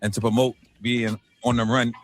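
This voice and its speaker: Guy guesting on radio, excited, lots of "you know", soft music behind. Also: mid-range voice, moderate pace. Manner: excited, loose, filler-heavy. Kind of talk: radio interview clip. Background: faint music.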